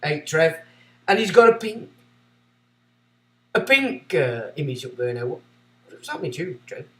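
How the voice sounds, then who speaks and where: Ranting man, high voice. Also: big pitch swings, moderate pace, recorded from a distance. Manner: ranting, sarcastic, swinging between loud and muttered. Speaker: livestream host. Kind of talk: casual livestream monologue, reading chat. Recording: echoey room.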